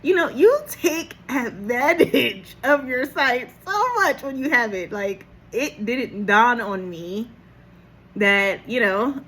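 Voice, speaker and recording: A woman recording herself on her phone, telling a personal story in a casual, animated way, laughing often and acting out what people said. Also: on the high side. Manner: animated, laughing, acts out quotes, casual swearing. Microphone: phone camera.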